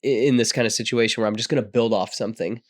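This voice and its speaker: A man in a relaxed podcast conversation, with a plain middle-pitched voice. He chimes in often with agreement and gets excited as he talks. His manner is friendly and chatty. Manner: enthusiastic, chatty, quick to agree. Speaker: podcast co-host. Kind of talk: casual film discussion.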